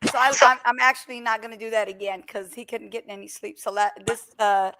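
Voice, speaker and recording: A woman's voice: a little high, steady tone, fairly quick, bright, forceful tone, no echo. A young woman hosting a live stream in casual, teasing chat, laughing often and talking through a headset.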